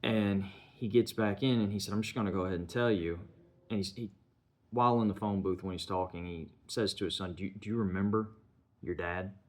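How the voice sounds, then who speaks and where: A man's voice: deep voice, steady tone, brisk. A man retelling a film's plot in a loose, conversational way, full of "you know" and "kinda" fillers. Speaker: film reviewer. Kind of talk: casual film plot recap.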